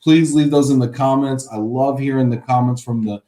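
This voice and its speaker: A man's voice: medium pitch, fairly even intonation, fairly quick, warm tone, reverberant. A man hosting a live stream, joking and reading viewer comments aloud. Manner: jokey, upbeat, reads viewer comments aloud. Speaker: show host. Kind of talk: casual live-stream chat.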